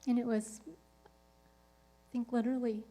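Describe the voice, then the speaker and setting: A woman's voice: fairly high pitch, level tone, takes it slowly, mellow. Chatty woman telling a personal story. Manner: rambling, full of "like" and "um" fillers. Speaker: podcast speaker.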